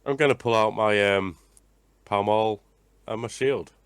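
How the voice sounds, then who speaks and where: A man's voice: lowish voice, measured pace, a bit bright, smooth. A man playing a tabletop game, answering in character casually and hesitantly. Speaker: player. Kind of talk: tabletop role-play, in character.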